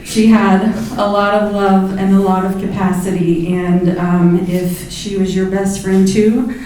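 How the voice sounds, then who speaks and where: A woman gives a memorial tribute to her best friend, speaking slowly and hesitantly with frequent pauses. Her voice rings through a very echoey room. A faint murmur of the gathering sits behind her. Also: medium pitch, level tone, dark tone, slight background noise. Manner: chatty and hesitant, with many ums. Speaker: friend giving a eulogy. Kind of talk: memorial speech. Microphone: handheld microphone.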